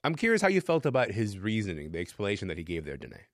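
Radio host guy, lively and questioning, dry studio mic. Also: fairly low pitch, racing, dry recording. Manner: animated, probing questions. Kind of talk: panel discussion.

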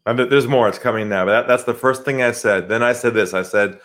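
A man's voice: medium pitch, quick pace, few pauses. A man, a sales trainer, answering interview questions by telling vivid stories and acting out phone calls. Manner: animated storyteller, acts out phone calls.

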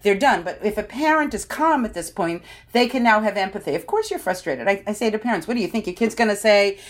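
A woman's voice: mid-range voice, animated, fast. Woman explaining parenting advice. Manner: explanatory, often says "you know", acts out quoted parents and kids. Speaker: parenting author and counselor. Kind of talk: conversational interview answers.

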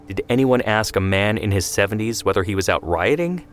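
A man voicing an angry, mocking young man who shouts at his brother. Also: lowish voice, expressive, a little fast, soft background music, natural voice. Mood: scornful.

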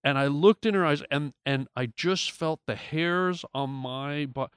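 A man's voice: fairly high pitch, unhurried, a bit bright, clear, resonant tone, no echo, clean studio sound. A man, a guest comedian, telling a story in casual talk, with lots of restarts and acted-out quotes.

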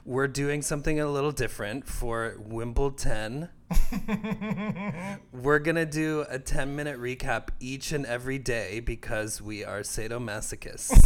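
A man from Canada co-hosting a tennis podcast in casual chat, relaxed and joking, laughing often. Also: mid-range voice, takes it slowly, long pauses. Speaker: podcast co-host.

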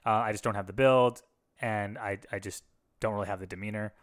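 A man's voice: on the low side, fairly even intonation, brisk. Man talking candidly in casual chat. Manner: candid, reflective, talks in restarts and asides. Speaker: podcast co-host, former pastor. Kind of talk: casual conversation.

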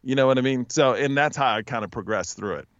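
Man, smooth radio-style voice, mid pitch, dry slightly muffled podcast sound. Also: fast talker, no room sound. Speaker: podcast guest, TV host and stand-up comic. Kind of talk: casual storytelling interview.

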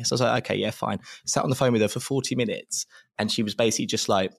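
Husky young man after throat surgery. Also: mid-range voice, fairly even intonation, very fast. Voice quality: husky, recovering from vocal cord surgery. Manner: laughs often, self-mocking storyteller. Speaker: podcast co-host. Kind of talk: casual podcast banter.

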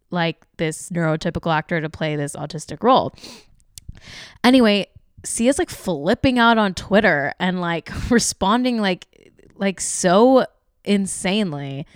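A woman's voice: medium pitch, clear, resonant tone, no echo, studio quality. A woman hosting a show, giving sarcastic, casual celebrity gossip commentary, full of fillers. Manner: chatty, sarcastic, many fillers. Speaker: podcast host.

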